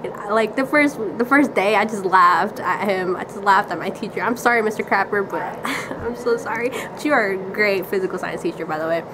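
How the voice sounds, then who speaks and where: A woman's voice: mid-range voice, a little fast, few pauses, noisy background. A teenage girl casually telling a rambling story with lots of "like" and giggles. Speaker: vlogger.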